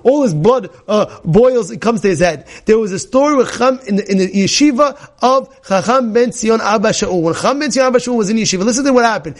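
A man giving an informal Torah class, telling stories in a chatty, repetitive way and often asking the audience questions. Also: high-pitched. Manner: chatty, asks the audience questions, repeats phrases, acts out shouting characters. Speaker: rabbi teaching a class.

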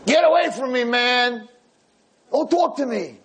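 Guy doing a cranky old blind man, high strained voice, husky, snaps at everyone. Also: expressive, measured pace, a bit bright, full character voice. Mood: snapping. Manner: bitter, snapping, raised voice.

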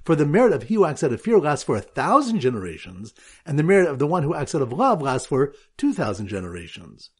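A man's voice: a little high, big pitch swings, quick pace, breathy edge. A man, a rabbi, teaching a Talmud lesson with memory aids and a quiz, reading Aramaic in a sing-song lilt.

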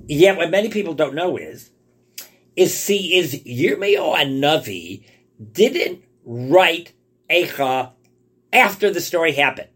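Slow, animated male Torah teacher. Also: fairly high pitch, breathy edge. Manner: dramatic, swings from hushed to shouting for emphasis; explains wordplay step by step, asks rhetorical questions. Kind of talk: Tisha B'Av lecture.

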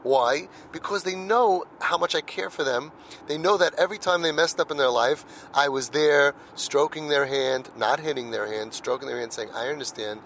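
A man's voice: fairly high pitch, normal speed, a bit bright, slight background noise, rough recording. A middle-aged man speaking earnestly about parenting, telling personal stories and repeating words when he presses a point. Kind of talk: heartfelt monologue.

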